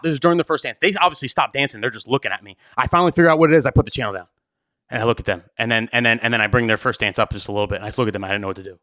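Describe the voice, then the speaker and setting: A man's voice: medium pitch, racing, fairly bright tone, no echo, studio quality. A young man, a DJ hosting his own show, telling a story casually and animatedly, swearing freely and acting out his own panic. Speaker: wedding DJ and show host.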